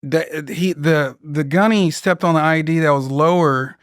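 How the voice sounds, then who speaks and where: A man's voice: on the high side, moderate pace, clear, resonant tone, no room sound. Young vet guy, cussing a lot, rambling war stories on a podcast, dead dry room. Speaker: podcast guest, military veteran. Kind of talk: casual storytelling interview.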